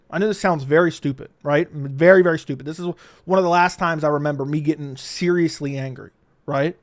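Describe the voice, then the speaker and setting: A man hosting a casual livestream, telling stories in a profane, animated way into a studio mic. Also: a little high. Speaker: livestream host.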